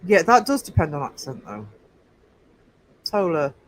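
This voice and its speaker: On a poor-quality recording, a Northeast English man runs a casual livestream, chatting with viewers about their comments in a rambling, teasing manner full of fillers. He's from England, and his slightly high voice is very animated while his pace stays unhurried.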